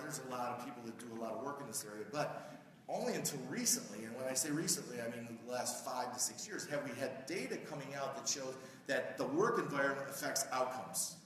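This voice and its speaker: A middle-aged man delivers a conference keynote in a bright, forward voice, talking casually and putting questions to the crowd. He is picked up from a distance, with long reverb from a large hall and a faint hiss underneath. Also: mid-range voice. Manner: conversational, asks the audience questions. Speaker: keynote speaker. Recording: echoey hall recorded from far off.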